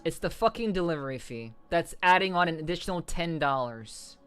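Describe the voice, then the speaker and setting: A woman's voice: low voice, expressive, a little fast, faint music behind. A young adult woman streamer chatting casually with her viewers, swearing often and restarting her words. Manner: swears a lot, stammering restarts. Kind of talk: casual live-stream chat.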